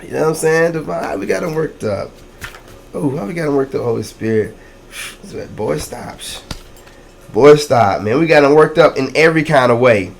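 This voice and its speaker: A man giving a casual tarot reading to his viewers, excitable and slangy, repeating catchphrases and calling out to the audience. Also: fairly high pitch, brisk, creaky, slight background noise. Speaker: tarot reader.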